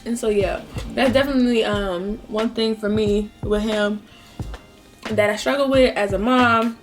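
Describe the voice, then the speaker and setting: A woman's voice: mid-range voice, fairly even intonation, a little slow, faint music behind. A woman in her twenties talking casually while eating, heartfelt and rambling, with lots of fillers. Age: 20s. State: close to tears at times. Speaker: vlogger. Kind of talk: casual mukbang talk.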